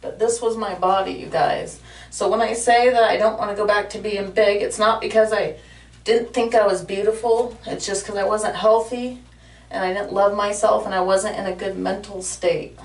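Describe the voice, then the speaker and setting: A woman's voice: medium pitch, steady tone, normal speed, distant mic. Emotional woman vlogging in an echoey bathroom. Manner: emotional, heartfelt, talks straight to viewers. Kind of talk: casual vlog to camera. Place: home bathroom. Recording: echoey room, voice a bit off-mic.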